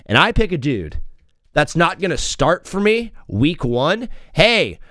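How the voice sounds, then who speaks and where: Male sports show host, high and lively voice, excitable rambling delivery, dry close sound. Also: unhurried, no room sound. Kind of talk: casual live sports talk.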